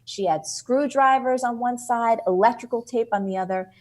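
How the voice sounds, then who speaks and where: A middle-aged woman from New Jersey, a guest author telling an animated story in an interview. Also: a little high, normal speed. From New Jersey, USA. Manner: lively, expressive storyteller.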